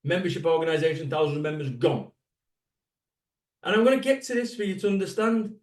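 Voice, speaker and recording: This Salford-born motivational speaker, a man in his fifties, delivers a keynote that's blunt and full of swearing, peppered with rhetorical questions for the crowd. He talks briskly with frequent pauses, his slightly high voice carrying from afar through an echoing hall.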